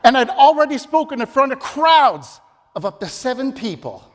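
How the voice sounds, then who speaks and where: In a reverberant ballroom, a middle-aged contest speaker performs a theatrical, funny story speech. His very high-pitched voice is extremely animated and moves at a moderate pace.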